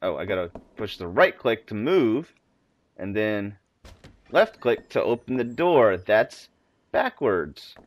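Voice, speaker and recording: Animated man commenting on a game. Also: fairly low pitch, slow pace, no room sound. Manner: jokey, reacts aloud, animated. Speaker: gaming video host. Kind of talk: let's play commentary.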